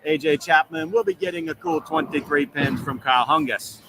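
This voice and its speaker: A man's voice: fairly high pitch, wildly swooping pitch, a little fast, gravelly, crowd noise. A man hosting live bowling commentary from a booth at a bowling alley, joking around as he reads out the matchups. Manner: jokey, drops into a mock British accent. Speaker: tournament commentator and show host. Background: music playing.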